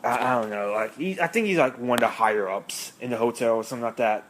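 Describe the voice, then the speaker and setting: A man's voice: mid-range voice, fast talker. A man hosting a podcast, giving a casual, rambling film recap, hesitant and often unsure of the details. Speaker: podcast host.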